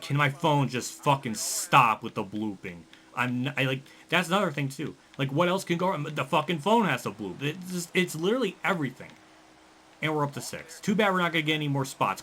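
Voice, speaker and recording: Fuming, foul-mouthed racing gamer. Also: male voice, medium pitch, a little hiss or hum. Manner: frustrated, swearing, yelling in bursts. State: out of breath. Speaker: racing game streamer. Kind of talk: angry gameplay commentary.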